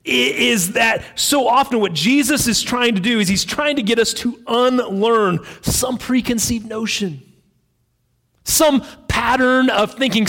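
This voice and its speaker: Brief: male pastor, high voice, casual storytelling sermon, long hall reverb. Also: fairly bright tone. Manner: conversational storytelling with fillers.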